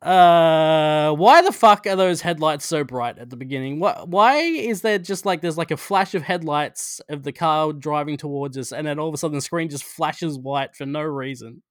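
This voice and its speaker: A man's voice: on the high side, moderate pace, hardly any pauses, smooth, no room sound, clean studio sound. A man co-hosting a podcast who chats casually, swears freely and reads a plot summary aloud in a rambling, self-interrupting way. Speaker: podcast co-host.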